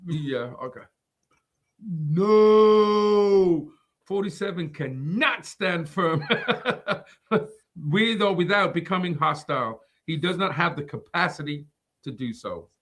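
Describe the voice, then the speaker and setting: A man's voice: a little high, lively intonation, measured pace, bright, forceful tone. A man co-hosting a casual faith talk show, laughing often and teasing the others. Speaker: co-host. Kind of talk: casual chat.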